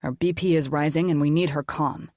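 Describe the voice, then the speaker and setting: A woman voicing a calm, gentle male doctor in an audiobook, speaking softly and steadily to reassure. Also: deep voice, brisk, no room sound, clean studio sound, close to an everyday voice. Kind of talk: audiobook character voice.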